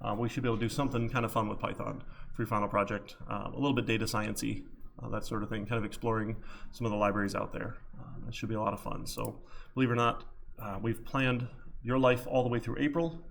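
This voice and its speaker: A man's voice: on the low side, steady tone, fast talker, vocal fry, a bit bright, a little hiss or hum. A man teaching a college programming class in a casual, chatty lecture, often checking in with "right?". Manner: chatty, filler-heavy, repeats "right?".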